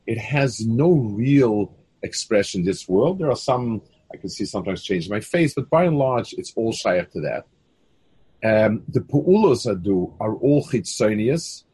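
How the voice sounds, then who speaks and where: A man's voice: fairly low pitch, a little mellow, slightly rough. A man teaching a Torah text study, often stumbling and repeating words, weaving Hebrew terms into his English. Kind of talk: halting text study lesson.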